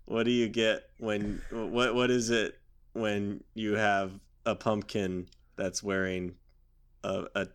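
Man co-host, lower voice, punning and steering the chat. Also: flat delivery, slow, clean tone. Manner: jokey, fond of puns, guides the talk. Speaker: podcast co-host. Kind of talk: casual chat.

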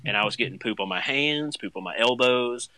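A young man, a stay-at-home dad, telling a funny story in casual chat, getting animated and jumping high when he acts out his own panic. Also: fairly quick, no room sound.

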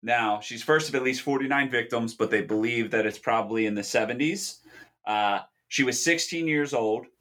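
A man co-hosting a podcast, chatting in a relaxed, dry, self-mocking way and introducing segments. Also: mid-range voice, normal speed. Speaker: podcast co-host. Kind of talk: casual chat and segment intro.

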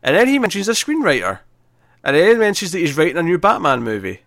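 A man co-hosting a casual film review chat, often trailing off into quieter asides. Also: on the high side, wildly swooping pitch, quick pace, creaky, no room sound, clean studio sound. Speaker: podcast co-host.

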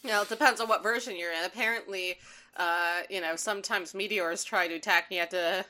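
A woman co-hosting a podcast, playful and quick to laugh, acting out characters' lines as she recaps a cartoon. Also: fairly low pitch, fairly even intonation. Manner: playful, laughs often, acts out lines loudly. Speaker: podcast co-host. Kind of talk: casual chat recapping a cartoon.

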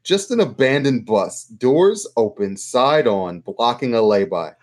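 A man's voice: mid-range voice, lively intonation, unhurried. A man co-hosting a podcast, chatting casually and sarcastically about politics, swearing freely. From United States. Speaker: podcast co-host.

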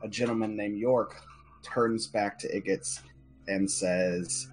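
A man narrating a tabletop game as game master, talking in a relaxed, conversational way. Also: fairly low pitch, slow pace, faint music behind.

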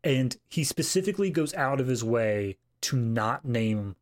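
A man's voice: mid-range voice, animated, unhurried. A man co-hosting a film podcast, talking casually with dry humour. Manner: wry, dry jokes. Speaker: podcast co-host. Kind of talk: casual film review chat.

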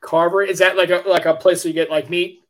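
A middle-aged American man co-hosting a podcast, talking in an excitable way, swearing freely and laughing often. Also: high voice, quick pace. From United States. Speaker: podcast co-host. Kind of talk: casual chat.

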